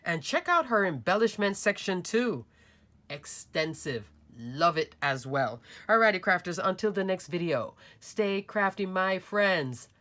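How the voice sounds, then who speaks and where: A woman's voice: lowish voice, lively intonation, a little slow, fairly bright tone. A woman hosting a card-making channel, walking viewers through her projects in a chatty, upbeat way. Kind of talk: casual crafting show-and-tell.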